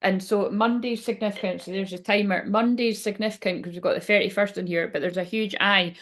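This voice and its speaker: A woman's voice: mid-range voice, steady tone, a little fast, fairly bright tone. Chipper woman reading cards. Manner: chipper and chatty, talking straight to viewers. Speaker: spiritual card reader. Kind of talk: live casual card reading.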